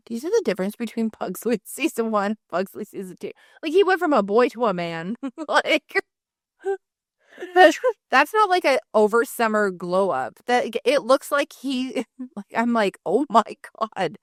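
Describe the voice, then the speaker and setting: A woman in her thirties co-hosting a podcast in casual chat, telling lively stories, playing other people's lines and laughing as she goes. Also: a little high, moderate pace, no echo, studio quality. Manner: animated storytelling, acting out others with laughs and swearing. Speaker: podcast co-host.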